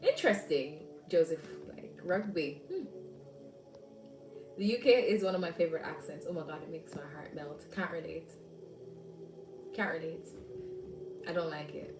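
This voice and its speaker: A woman's voice: low-pitched, animated, moderate pace, pauses often, distant mic. A woman hosting a casual livestream chat, reading comments aloud and laughing often. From Jamaica. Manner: chatty, laughs often, thinks aloud with fillers. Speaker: livestream host. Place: home, living in England. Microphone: phone or tablet. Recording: roomy sound from off mic, loud music behind.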